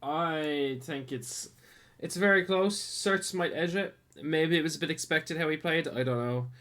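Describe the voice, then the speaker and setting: Relaxed esports host. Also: male voice, on the high side. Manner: relaxed, friendly, halting with restarts. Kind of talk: casual post-match commentary.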